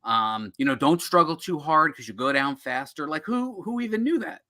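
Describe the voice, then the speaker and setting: A middle-aged man from New Jersey, co-hosting a casual chat with jokey, animated storytelling. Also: a little high, moderate pace. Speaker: co-host of a comics podcast.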